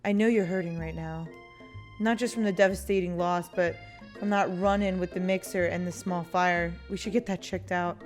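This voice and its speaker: A woman's voice: on the low side, steady tone, normal speed, faint music behind, lightly acted. A woman reading the lines of an earnest older male chicken restaurateur from a dating game, in a solemn, storybook-like way. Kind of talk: reading game dialogue aloud.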